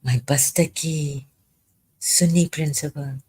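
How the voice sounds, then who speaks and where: Tearful rambling vlogger, 50s, slow and halting, lots of uhs. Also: medium pitch, fairly even intonation, darkish tone, slightly rough. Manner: rambling, emotional, breaks off with fillers and apologies. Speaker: video blogger. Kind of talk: rambling emotional commentary.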